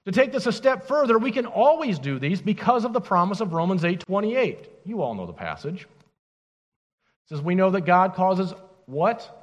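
A man preaching a sermon as pastor, emphatic and animated, asking the congregation rhetorical questions. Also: high-pitched, normal speed, big-room sound, lo-fi sound. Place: church.

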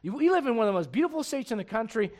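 A man preaching a sermon as pastor of a church, emphatic and swinging between loud bursts and low asides. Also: very animated, rapid-fire.

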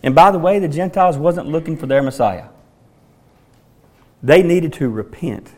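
A man delivers a sermon in a noticeably high voice. He works through scripture passages and repeats key questions with dramatic, drawn-out emphasis. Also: expressive, darkish tone. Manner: emphatic, dramatic rereading of quoted lines. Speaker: pastor.

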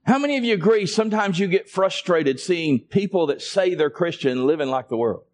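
A man's voice: high voice, animated, fairly quick, darkish tone. A man preaching a sermon and calling for responses from his congregation. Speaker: pastor.

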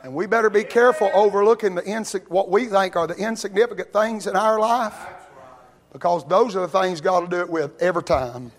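A man preaching a sermon, telling Bible stories in a folksy way and rising to loud, shouted peaks. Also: high-pitched, a little fast. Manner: builds from quiet storytelling to loud shouting.

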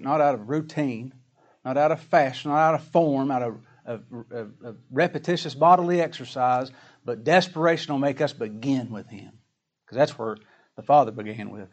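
A man preaching a sermon, folksy and plain-spoken, full of rhetorical questions, reading scripture slowly and with weight. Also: mid-range voice. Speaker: pastor.

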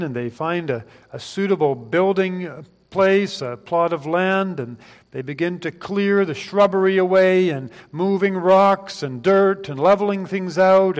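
A man preaching a sermon, earnest and pleading, building to fervent questions. His voice sits a little high for a man. It rings out with a long hall reverb behind it.

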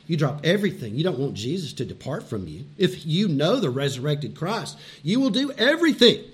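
A man preaching a sermon as pastor, animated and laughing at times, repeating phrases for emphasis and dropping to quiet intensity. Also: on the high side, fairly quick, breathy edge.

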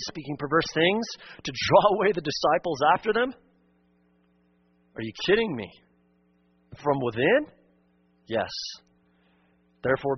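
A man's voice: a little high, breathy edge, lo-fi sound. A male pastor preaching a sermon in an earnest, emphatic way, repeating his key points.

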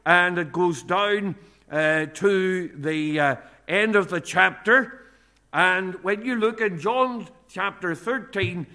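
A man's voice: high-pitched, pushed and bright. A middle-aged man preaching a sermon, earnest, with frequent hesitations and rising emphasis on key points.

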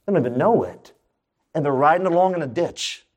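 A man's voice: a little high, expressive, a little fast, a little mellow. A man preaching a sermon, asking his congregation questions and joking as he goes. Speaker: pastor. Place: church.

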